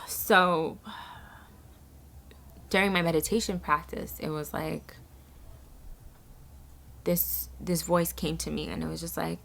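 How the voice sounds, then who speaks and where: A woman from the Bronx, speaking as a vlogger in a soft, halting way that searches for words while she tells a personal story. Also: deep voice, flat delivery, gravelly, slight background noise. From the Bronx, New York. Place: eco-village in a jungle.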